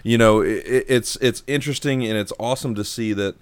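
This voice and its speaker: A man's voice: mid-range voice, brisk, clear, resonant tone, no room sound. Rambling man with a dry close voice. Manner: rambling, many restarts and "you know". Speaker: podcast co-host. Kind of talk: casual chat.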